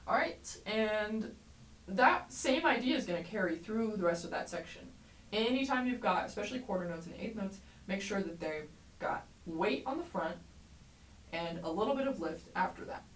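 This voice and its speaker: A woman teaching a trumpet lesson, explaining clearly and encouragingly, sometimes singing rhythms aloud. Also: medium pitch, lively intonation, moderate pace. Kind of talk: music lesson tutorial. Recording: roomy echo, mic at a distance, faint background noise.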